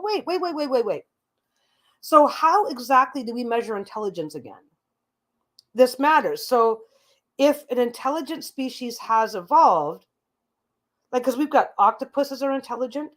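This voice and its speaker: A woman hosting her own show, telling a long casual story with lots of asides, restarts and the odd swear word. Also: a bit bright. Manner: chatty, rambling, frequent asides and restarts; mimics a parrot's calls in a higher squawky voice. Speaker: host.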